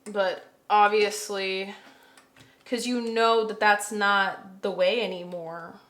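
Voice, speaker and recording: A woman's voice: medium pitch, fairly even intonation, slow, a bit bright, reverberant. A woman chatting casually to camera as she lays out a tarot reading, thinking aloud and breaking into gushing bursts. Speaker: tarot reader. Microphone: camera mic.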